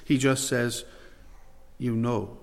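A man's voice: mid-range voice, fairly even intonation, slow pace, gravelly, a little hiss or hum. A man preaching a sermon, earnest and emphatic, his voice rising as he leans into the questions he quotes. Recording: long hall reverb.

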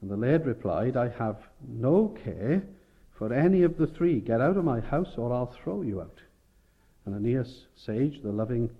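A man with a medium-pitched voice preaches a sermon over lo-fi sound, explaining scripture and correcting himself along the way. His delivery is expository, climbing to emphatic peaks.

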